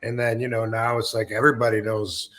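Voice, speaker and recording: A man hosting a podcast in casual chat who rambles loosely and acts out quoted sales pitches. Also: flat delivery, fairly quick, a bit bright. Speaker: podcast host.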